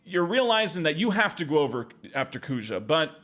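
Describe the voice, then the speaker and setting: A man's voice: fairly high pitch, very animated, fairly quick, fairly bright tone. Joking male podcast co-host. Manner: jokey, exaggerates for laughs. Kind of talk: casual chat.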